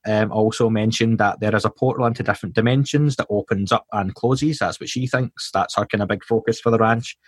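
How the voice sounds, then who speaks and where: A man's voice: fairly low pitch, no room sound, clean studio sound. Chatty Scottish man hosting a podcast. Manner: chatty, reads out listener comments with jokes. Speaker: podcast host. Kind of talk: casual podcast chat.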